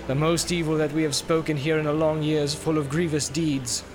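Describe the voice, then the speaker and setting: A man's voice: a little high, level tone, normal speed, over music, voice pushed up, close to an everyday voice. A man reading an audiobook, voicing a proud, wise elf lord who speaks sternly and formally.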